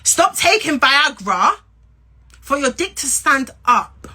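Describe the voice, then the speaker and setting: A woman's voice: high-pitched, very animated, a little slow, bright, forceful tone, breathy edge. A young woman with a London and Essex accent, ranting straight to camera in a blunt, profane, confrontational way and repeating lines for emphasis. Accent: London and Essex English. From England. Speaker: social media personality. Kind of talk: angry direct-to-camera rant.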